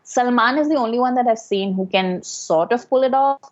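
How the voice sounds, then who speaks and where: A woman's voice: a little high, moderate pace. A woman co-hosting a podcast who gives blunt, opinionated takes on films in casual chat. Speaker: podcast co-host. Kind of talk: casual film discussion. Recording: dull lo-fi recording.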